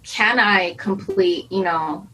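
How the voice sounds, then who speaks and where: A woman's voice: medium pitch, slow, bright, forceful tone, rough recording. A woman in her thirties, a podcast guest, talking candidly and anxiously, rambling with many fillers. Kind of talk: candid conversational interview.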